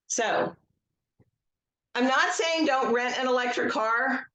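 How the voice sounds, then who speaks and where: A woman, an educational psychologist, leading a guided tapping session with slow, gentle affirmations and casual asides, speaking over a video call from home. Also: high voice. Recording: echoey room.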